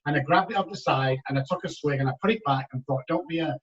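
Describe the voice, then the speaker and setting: A man's voice: mid-range voice, fast. Emphatic older man telling his story. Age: 60s. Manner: emphatic, swings between hushed and loud. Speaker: guest, recovery expert. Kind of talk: candid podcast storytelling. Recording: dull, distant podcast audio.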